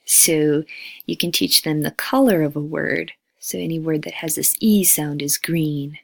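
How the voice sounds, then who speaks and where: A woman teacher in a recorded lecture, drawing out vowel sounds one by one. She speaks slowly, with a lowish voice and a gravelly edge. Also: no echo. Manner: slow, deliberate, modeling vowel sounds.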